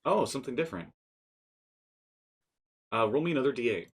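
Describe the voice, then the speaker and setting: A man's voice: mid-range voice, sing-song, fairly quick, noisy background. A man acting as dungeon master, narrating and calling rolls in a playful manner. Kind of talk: running a tabletop game.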